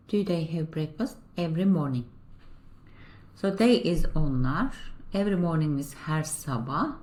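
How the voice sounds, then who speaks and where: A woman teaching a beginner language class, calm and patient as she builds each example one step at a time. Her voice sits a little low. She slows down and says each example sentence carefully. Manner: patient, explaining and repeating slowly. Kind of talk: step-by-step grammar lesson.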